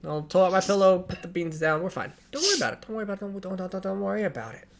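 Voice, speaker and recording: An excitable ship crewman, higher in pitch and louder than the man who puts him on usually sounds. He gushes and rambles, tripping over repeated words as his eagerness runs ahead of him. A quick, jittery energy fills every line. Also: creaky. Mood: rambling. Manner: giddy, rambling, stammering.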